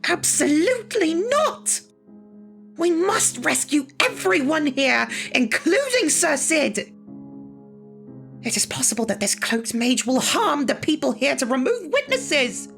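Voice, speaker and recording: Reader doing a formal fanged knight woman, high voice, proper speech, visual novel reading, faint music. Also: normal speed, a bit bright. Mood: furious. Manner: formal, stiff speech, erupting into hissing fury. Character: fierce, polite young female knight with fangs.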